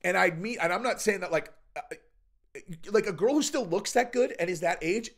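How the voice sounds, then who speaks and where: A man's voice: high voice, moderate pace. A man hosting his own channel, giving a casual, rambling commentary monologue full of profanity and asides. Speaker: channel host.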